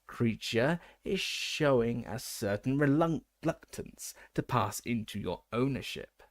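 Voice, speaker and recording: A man playing an elderly wizard headmaster in a storybook reading. He speaks calmly and courteously, with measured, formal phrasing. His composure does not break. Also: mid-range voice, no echo, clean studio sound, lightly acted. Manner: calm, measured, politely formal. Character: old male wizard headmaster, calm and courteous.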